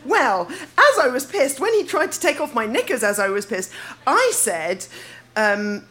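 A woman with a London accent reads her teenage diary to a live crowd, laughing as she goes. Her voice is high, bright and very lively, swinging up and down as she mocks her younger self. A faint hiss sits under it. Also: measured pace. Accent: London English. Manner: laughing through her lines, playful and self-mocking. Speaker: reader at a live show. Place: live venue stage.

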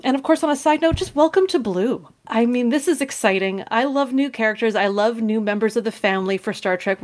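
A woman co-hosting a podcast, gushing and emphatic, dropping casual swears. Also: mid-range voice. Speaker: podcast co-host.

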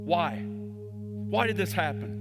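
A pastor delivering a sermon in a church, moving from quick urgent lines to slow hushed emphasis. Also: male voice, sits high, animated, over loud music. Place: church sanctuary.

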